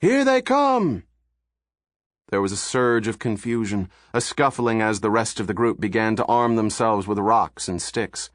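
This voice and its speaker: A man reading a thriller audiobook in steady, measured narration, recorded on a studio microphone. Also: on the low side, no echo.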